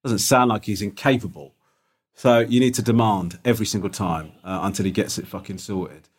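A man's voice: on the low side, fairly even intonation, brisk, breathy edge. A man co-hosting a podcast in casual chat, rambling and correcting himself, often laughing. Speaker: podcast co-host.

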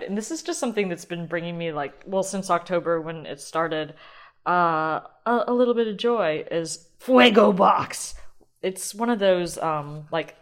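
A young adult woman talks on her own podcast in an easy, rambling way, thinking out loud and dropping the occasional swear word. Her voice sits a little on the lower side for a woman. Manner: chatty, rambling, swears casually, thinks aloud. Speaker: podcast host. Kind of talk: casual solo podcast chat.

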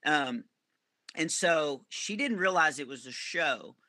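A male comedian telling rambling, animated stories as a podcast guest. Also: a little high, slow pace, no room sound. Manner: animated, rambling anecdotes with self-corrections. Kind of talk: storytelling podcast interview.

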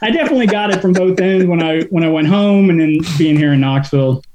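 A man's voice: high-pitched, quick pace, background noise. Easygoing Southern-accented man. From Cincinnati, US. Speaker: race director, guest. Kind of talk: casual interview chat.

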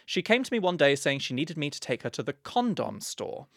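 A man's voice: on the high side, very animated, brisk, vocal fry, a bit bright, no room sound, clean studio sound. A young man co-hosting a podcast, reading listener letters in a camp, playful way. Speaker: podcast co-host.

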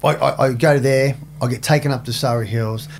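A middle-aged Australian man, a podcast guest, telling his story in casual, animated talk full of swearing and slang. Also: mid-range voice, fairly quick.

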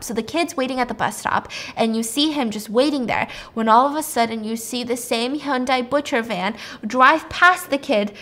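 A woman recaps a thriller plot in a loose, chatty way, swearing freely and jumping into character voices. Her voice sits fairly high. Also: normal speed, hardly any pauses. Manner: animated, profane, acts out the characters. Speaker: podcast host. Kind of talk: casual plot retelling.

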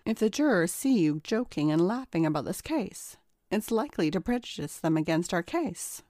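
A woman voicing a cautious, earnest woman lawyer who speaks in a measured, polite way. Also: fairly low pitch, animated, mellow, dry recording, studio quality, close to an everyday voice.

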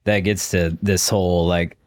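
A man's voice: deep voice, little pitch movement, normal speed. A man on a podcast panel, casually steering a faith discussion and inviting a co-host to speak. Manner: conversational, prompting others.

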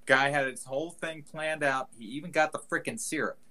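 A man's voice: on the high side, steady tone, brisk, sharp tone. A man co-hosting a casual comedy podcast, riffing on the stories with jokey voices and laughs. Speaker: podcast co-host.

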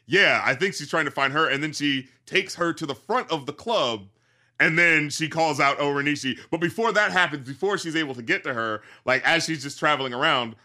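A man's voice: a little high, a little fast, sharp tone. A man co-hosting a podcast, chatting casually about a film, rambling with lots of fillers and swearing. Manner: rambling, profane, many fillers. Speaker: podcast co-host.

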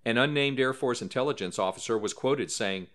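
A man's voice: mid-range voice, fairly quick, a bit bright. A man narrating a documentary-style story in a scripted, dramatic way, lifting his voice for quoted lines.

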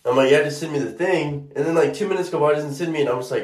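A man's voice: on the high side, fast, echoey room. A man, a food delivery driver, telling a casual story with lots of swearing and exasperation, acting out both sides of the conversations. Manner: profane, exasperated, acts out both sides of dialogue.

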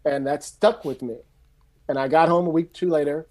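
A middle-aged man from San Francisco, a screenwriter telling his story in a loose, animated, casual way and swearing freely. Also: on the high side, moderate pace. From San Francisco, USA. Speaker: screenwriter guest.

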